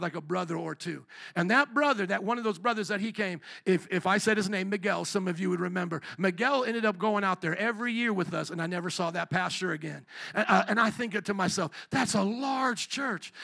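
A man preaching with a high, bright voice that carries a gravelly edge. He builds from storytelling into shouted scripture and calls for amens from the congregation. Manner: animated preaching, rising to shouts and call-and-response. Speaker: pastor. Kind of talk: sermon.

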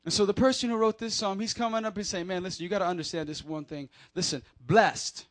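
High-voiced, playful preacher. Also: male voice, quick pace. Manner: playful and energetic, with call-and-response and laughs. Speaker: youth pastor. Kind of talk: lively sermon to a youth crowd.

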